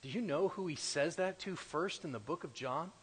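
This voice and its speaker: A male preacher's voice, on the high side and slightly rough, carries through a big reverberant room at normal speed. Raised and emphatic, his sermon swings between loud proclamations and quiet asides.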